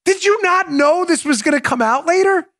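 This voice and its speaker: Male political show host: emphatic, opinionated, throws rhetorical questions at listeners, lively pitch. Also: moderate pace. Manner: emphatic, addresses audience as folks; rhetorical questions, restarts sentences. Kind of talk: opinionated commentary.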